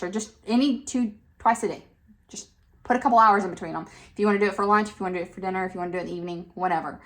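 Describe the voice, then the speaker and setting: A woman's voice: lowish voice, fairly bright tone. A woman in her thirties chatting casually as a vlogger, encouraging and self-deprecating. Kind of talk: casual chat.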